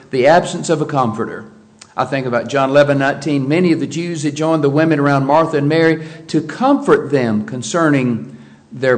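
A man preaching a sermon, reading scripture aloud and asking rhetorical questions. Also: mid-range voice.

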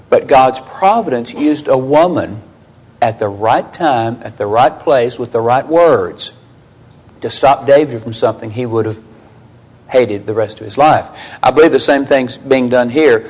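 A man's voice: animated, moderate pace, darkish tone, breathy edge, rough recording. A man teaching through a Bible passage verse by verse, asking rhetorical questions and acting out the quoted lines. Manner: conversational, asks listeners rhetorical questions; acts out quoted lines with raised pitch.

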